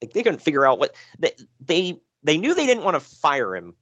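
A man co-hosting a casual podcast chat, recapping wrestling shows in an animated, joking way with frequent laughs. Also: brisk, no echo, highs cut off. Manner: animated, laughing, swearing, jumps in pitch.

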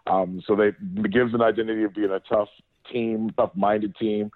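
A man co-hosting a casual podcast, chiming in with quick agreements and asking loose, rambling questions. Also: on the low side, little pitch movement, dry recording. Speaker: podcast co-host. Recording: dry, tinny phone-like line.

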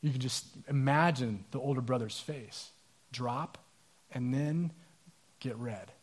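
A male pastor preaching a sermon in a casual, animated storytelling manner with asides. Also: medium pitch, slow, husky.

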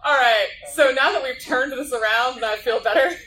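A woman's voice: high voice, moderate pace, sharp tone, slight background noise. A woman moderating a live podcast panel, playful and laughing as she steers the talk. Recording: distant mic in a room.

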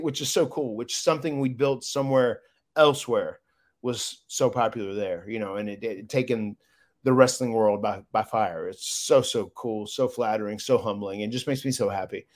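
A man speaking as an interview guest, his voice at a middle pitch. He tells his story in a loose, heartfelt way. He keeps stumbling over his words and starting again. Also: moderate pace. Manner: emotional, rambling with many restarts. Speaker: guest, former wrestler.

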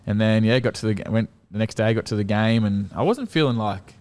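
A young Australian man with a notably deep, low-pitched voice talks as a podcast guest. He rambles through his story in a casual way, packed with "like" and "um" and breaking into short laughs. It is relaxed, unpolished talk. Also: brisk, smooth. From Central Coast, Australia. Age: young adult. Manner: rambling, filler-heavy, laughing as he recounts.

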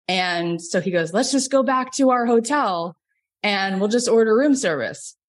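A middle-aged woman from Florida, a business coach telling a personal story, animated and acting out quoted lines. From Florida, USA. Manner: animated, acts out quotes with big pitch jumps. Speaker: business coach and podcast host. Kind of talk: storytelling lesson.

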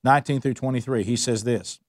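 A man's voice: mid-range voice, steady tone, a little fast, dry recording, studio quality. A man teaching a Bible study, emphatic and repeating his points with rhetorical questions. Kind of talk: preaching a Bible study lesson.

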